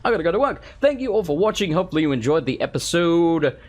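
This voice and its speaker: A man's voice: a little high, sing-song, fast talker. A man with an English accent giving joking, rambling let's play commentary as a gaming video host. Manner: rambling, joking, self-deprecating.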